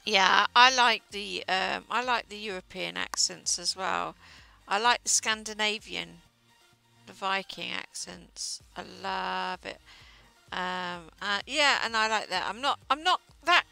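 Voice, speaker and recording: Slow, bright-voiced woman chatting idly. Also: mid-range voice, creaky, clear, resonant tone, no room sound. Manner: rambling, chatty, with many fillers. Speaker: livestreamer. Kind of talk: casual chat while knitting. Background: faint music.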